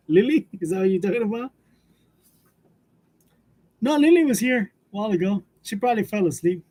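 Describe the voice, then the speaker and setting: Wearing a wireless lavalier, a man running a graphic design livestream tells stories to viewers in a relaxed way, chuckling after almost every line. His mellow voice sits high, with lively intonation at a moderate pace.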